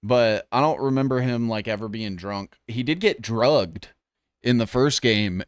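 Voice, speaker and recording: A man's voice: medium pitch, clean tone, no room sound, studio quality. A man hosting a casual reaction video, talking loosely with offhand asides and swearing.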